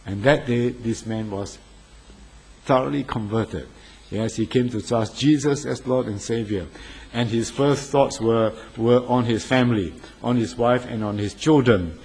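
A man's voice: medium pitch, a little slow, a little mellow, slightly rough, poor audio. A man preaching a sermon to his congregation, making earnest, pleading appeals.

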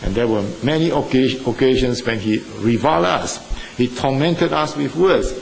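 Earnest male preacher, halting delivery. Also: mid-range voice, lively intonation, creaky, a little hiss or hum, low-quality recording. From Singapore or Malaysia. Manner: earnest, halting with many fillers, rising emphatically. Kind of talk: sermon.

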